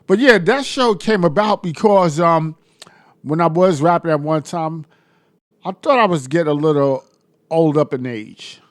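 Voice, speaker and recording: A middle-aged man with a New York-area accent, a guest answering interview questions calmly in casual chat. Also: fairly high pitch, a little slow, no room sound, clean studio sound. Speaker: guest, hip-hop artist.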